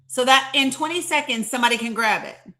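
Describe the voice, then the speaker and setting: A woman hosting a casual live stream, chatting, reading viewer comments aloud and often laughing and clearing her throat. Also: high voice, fairly quick, sharp tone. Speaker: livestream host.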